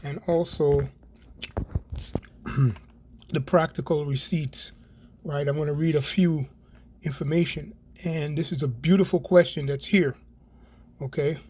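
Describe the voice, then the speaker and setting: A man's voice: fairly high pitch, fairly even intonation, measured pace, long pauses, a little mellow, a little hiss or hum. A middle-aged Canadian man giving an online Bible prophecy talk, rambling, repeating words for emphasis and often asking "right?".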